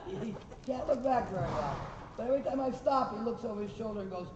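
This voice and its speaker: A man's voice: sits high, animated, fast, background noise. A man coaching riders through a lesson, calling out praise to the horses and corrections to the riders. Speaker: riding instructor. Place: riding arena. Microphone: recorder far from the speaker. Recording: distant, echoey, dull recording.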